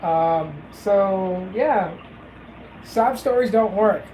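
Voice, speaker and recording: A man's voice: sits high, extremely slow, warm tone. A man hosting a casual live stream about tech, rambling with lots of "you know" fillers. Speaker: tech channel host. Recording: echoey room with faint noise.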